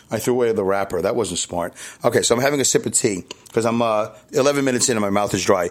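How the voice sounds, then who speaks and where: A man with a Brooklyn accent talks into his podcast mic from a hotel room, in a rambling, chatty way. He jokes at his own expense and keeps restarting his sentences. His voice sits at a middling pitch. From New York. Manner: rambling, self-deprecating, chatty with frequent restarts. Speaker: podcast host. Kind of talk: casual solo podcast monologue.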